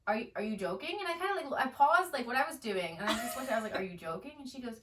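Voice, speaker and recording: Animated young woman telling classroom stories. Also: fairly high pitch, rapid-fire. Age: 20s. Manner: animated storyteller, acts out students' voices. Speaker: teacher and podcast guest. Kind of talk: casual chat. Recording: roomy, a bit far from the mic, faint noise.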